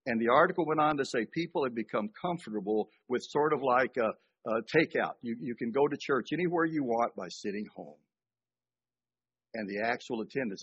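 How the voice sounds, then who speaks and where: An older man from Georgia preaching a sermon, speaking conversationally with dramatic pauses and rising emphasis. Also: fairly high pitch, a bit bright, husky, dull audio. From Georgia, USA. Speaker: pastor.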